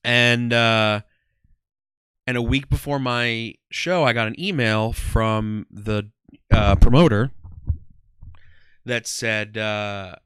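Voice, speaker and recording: Guy in his 30s chatting loose on a podcast, bright crisp voice, dry close mic, lots of ums. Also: medium pitch, fairly even intonation, slow pace, long pauses, dry recording. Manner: rambling, heavy on "um" and "like". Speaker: guest, comedian and former ring announcer. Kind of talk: casual interview chat.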